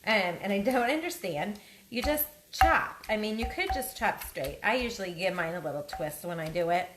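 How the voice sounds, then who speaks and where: Over the sizzle of a pan and kitchen clatter, a cooking show host runs a relaxed live demonstration at home. Her mid-range voice is animated and moves at a normal speed as she rambles and jokes about her mistakes. The room echoes and the frying is loud.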